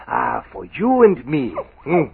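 An actor playing a jolly old immigrant gold prospector who chuckles between folksy, broken phrases, in 1940s radio acting. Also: male voice, mid-range voice, gravelly, breathy edge, narrow, tinny audio, full character voice. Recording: old radio broadcast, phone-thin, noisy.

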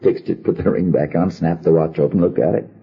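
An older man tells an old show-business story at an easy, wry pace. His voice sits extremely low and gravelly-deep. The sound is dull and lo-fi, like an old archive tape. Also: steady tone, brisk. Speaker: radio actor reminiscing. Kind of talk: anecdotal storytelling.

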